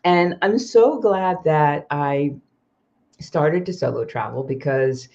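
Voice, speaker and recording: A woman's voice: deep voice, lively intonation, slow pace, darkish tone. A woman hosting a livestream who tells personal stories in a chatty way, with frequent ums and self-corrections. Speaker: livestream host, expat coach. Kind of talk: casual personal storytelling. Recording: slightly muffled livestream audio.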